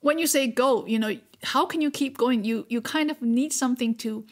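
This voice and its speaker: Woman explaining patiently, fairly high voice. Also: normal speed. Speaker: guest expert. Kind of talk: explaining a language term.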